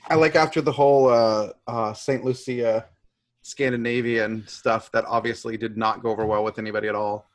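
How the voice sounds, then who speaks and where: A man co-hosting a podcast, chatting in a relaxed way with some hesitant fillers. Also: medium pitch, moderate pace. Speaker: podcast co-host. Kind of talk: casual chat.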